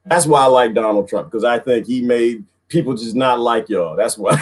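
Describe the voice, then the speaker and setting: A man talking casually to viewers on a livestream. His voice is slightly husky, and his pitch swings widely as he leaps into squealing high bits and then drops back down to mutter. He is loose and chatty, with frequent laughs. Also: sing-song, a little slow. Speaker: livestream host.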